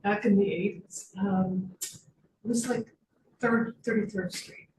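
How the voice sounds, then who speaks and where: A woman's voice: mid-range voice, steady tone, takes it slowly, far from the mic. A woman taking part in a yoga class over a video call, chatting casually with the teacher. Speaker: class participant. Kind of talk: casual chat. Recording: echoey, noisy video call audio.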